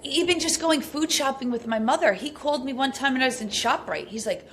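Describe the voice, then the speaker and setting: A middle-aged woman, a podcast guest telling stories in a casual, animated way, full of fillers. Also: sits high, fairly quick, slight background noise. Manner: animated, acts out quoted speech, frequent fillers. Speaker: podcast guest, abuse recovery coach. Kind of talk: casual storytelling interview.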